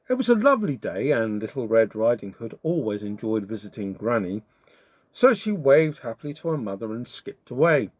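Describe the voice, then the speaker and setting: Brief: lively male story reader, very animated pitch, dry close mic. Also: no room sound. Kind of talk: children's story reading.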